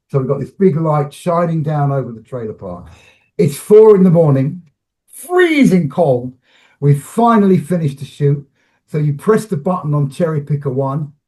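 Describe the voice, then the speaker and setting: A man, a film director and actor, telling animated stories about a shoot in an interview, restarting phrases as he acts out scenes. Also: on the high side. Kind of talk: animated anecdotal storytelling.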